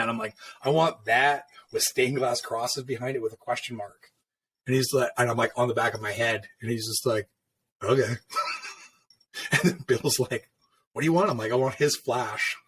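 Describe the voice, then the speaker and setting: A man's voice: mid-range voice, a bit bright, slightly rough. A middle-aged man, a tattoo artist, telling shop stories in a loose, swearing, laid-back way and acting out the lines people said to him. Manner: laid-back, swears freely, acts out quoted dialogue. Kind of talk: casual storytelling conversation.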